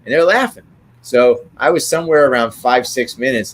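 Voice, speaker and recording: With lively intonation and a moderate pace, this older interview guest speaks in a mid-range voice, rambling through anecdotes about show business and frequently checking in with "right?"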